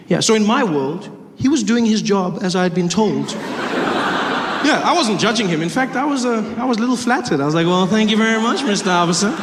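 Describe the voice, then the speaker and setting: A man doing stand-up storytelling, acting out characters with shifting voices. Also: high voice. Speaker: stand-up comedian. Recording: live hall, reverb and noise.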